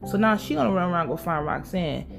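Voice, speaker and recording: A woman's voice: fairly low pitch, expressive, fast, gravelly, soft background music. Blunt, profane woman recapping a show. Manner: blunt, profane, opinionated commentary. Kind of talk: casual episode recap.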